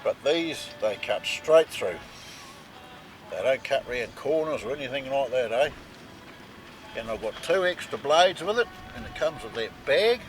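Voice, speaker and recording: A man's voice: medium pitch, lively intonation, measured pace, soft background music. A man with a New Zealand accent chatting casually outdoors at a campsite for a vlog, dropping "mate" and "eh" as he shows off his gear. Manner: chatty, peppers talk with "mate" and "eh". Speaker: vlog co-host.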